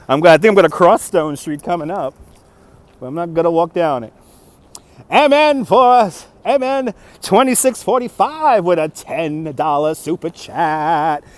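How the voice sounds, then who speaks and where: High-voiced man thanking stream viewers. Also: expressive, measured pace, no room sound. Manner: upbeat, reads out and thanks viewer donations. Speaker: livestream walking tour host. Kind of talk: casual livestream chat while walking. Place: outdoors on city streets at night. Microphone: phone on a handheld gimbal.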